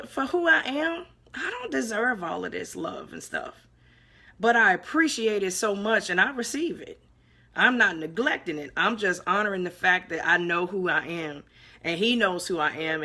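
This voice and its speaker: Brief: woman host, heartfelt devotional talk, bright and forceful tone, preacherly repetition. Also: mid-range voice. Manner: emotional, earnest, preacherly with repetition. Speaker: inspirational video host.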